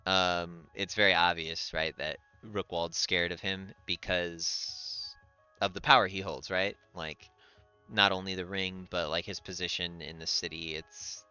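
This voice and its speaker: A man's voice: low-pitched, fairly even intonation, measured pace, pushed and bright, smooth, no room sound, muffled recording, soft background music. A man narrating a tabletop game as dungeon master in a casual, rambling way. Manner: casual, rambling, many fillers.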